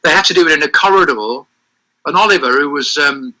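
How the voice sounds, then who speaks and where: A man's voice: a little high, brisk, sharp tone, rough recording. An older man, giving an interview as a guest and telling long anecdotes with many restarts and self-corrections. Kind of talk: reminiscing interview over a call.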